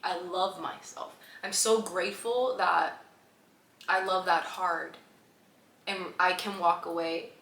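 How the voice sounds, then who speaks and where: A young woman vlogger telling a personal story in a lively, laughing way, acting out the voices of the people in it. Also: lowish voice, slow, echoey room.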